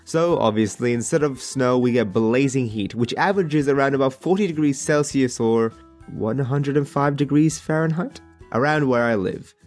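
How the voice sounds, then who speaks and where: A man's voice: mid-range voice, normal speed, faint music behind. Joking Australian man narrating a story. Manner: jokey, expressive, exasperated rants. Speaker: animated storyteller.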